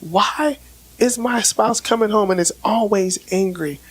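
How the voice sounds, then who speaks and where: A woman's voice, raspy and hoarse from laryngitis, talks through relationships and mental health in a relaxed podcast chat. She keeps checking in with "right?" and often repeats a word before getting a sentence going. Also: medium pitch, a little slow, low-quality recording. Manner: explains with everyday examples, frequent "right?" checks; repeats words when starting sentences. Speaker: relationship expert guest. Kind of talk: casual podcast conversation.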